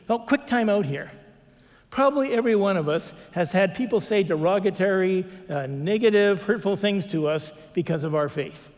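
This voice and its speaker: High-voiced pastor preaching in a hall. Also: male voice, moderate pace. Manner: animated storytelling, acts out quotes. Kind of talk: sermon. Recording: long reverb of a large hall.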